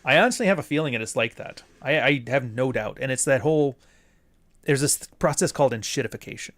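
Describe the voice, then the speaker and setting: A man's voice: mid-range voice, brisk, fairly bright tone, no room sound. A man from the Pacific Northwest hosting a livestream, reading super chats and rambling off on tangents, with plenty of swearing. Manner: rambling, goes off on tangents, profane. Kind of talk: casual livestream talk.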